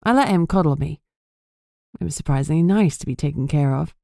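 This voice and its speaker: Low-voiced woman narrating. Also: fairly quick, vocal fry, mellow, no echo, clean studio sound. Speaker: audiobook narrator. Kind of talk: first-person audiobook narration.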